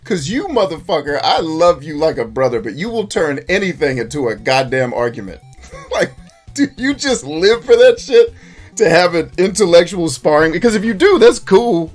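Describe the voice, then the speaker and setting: A man's voice: a little high, normal speed, faint music behind. A man streaming a retro game, chatting casually with viewers and reading their comments, swearing freely and laughing often. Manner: animated, profane, laughs often. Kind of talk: casual live-stream chat.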